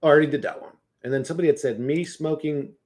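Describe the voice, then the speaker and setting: A man's voice: on the high side, fairly even intonation, very fast, a little mellow. A man chatting casually on a livestream, rambling and swearing, often restarting his words.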